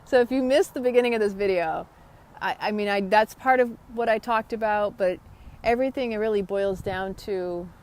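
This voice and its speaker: A woman's voice: mid-range voice, moderate pace, darkish tone. Chatty woman hosting a wellness live stream. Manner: chatty, rambling, greets viewers by name. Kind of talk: casual live chat about yoga and wellness.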